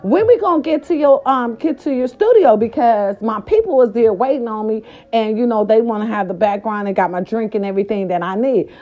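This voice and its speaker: A woman voicing a bubbly, excitable young female celebrity who asks eager, sweet questions. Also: on the high side, brisk, few pauses, lo-fi sound, natural voice. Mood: casual.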